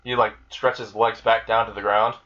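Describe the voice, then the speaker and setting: A man's voice: lowish voice, level tone, normal speed, bright, forceful tone, muffled recording. A young man casually retelling an improvised fan story, rambling with lots of fillers, restarts and swearing.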